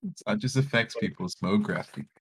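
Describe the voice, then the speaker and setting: A man's voice: fairly low pitch, fast, husky. A man in a casual chat among friends, making dry, wry remarks.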